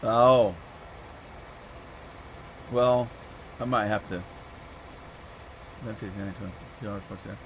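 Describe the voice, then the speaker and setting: With a steady tone and measured pace, a middle-aged man from the US chats casually while streaming a farming game. His voice is on the low side, he pauses often and calls viewers by name in a rambling, easygoing way, with a little hiss or hum present.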